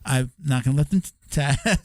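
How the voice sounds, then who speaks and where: A man's voice: mid-range voice, normal speed, dry recording. A middle-aged man hosting a podcast, joking and wandering off on tangents. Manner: rambling, jokey, goes off on tangents. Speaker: podcast host. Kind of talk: casual podcast chat.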